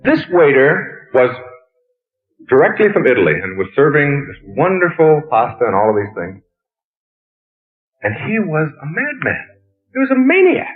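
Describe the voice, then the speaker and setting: A man giving a motivational lecture, telling stories and firing rapid questions at the listeners. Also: on the high side. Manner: animated, asks the audience rapid questions. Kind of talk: storytelling lecture. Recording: tinny phone-like lo-fi recording.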